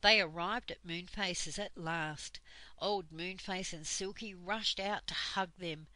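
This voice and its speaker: An older woman reading a children's book aloud as a storyteller, gentle and unhurried. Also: on the low side, fairly even intonation, dry recording, low-quality recording.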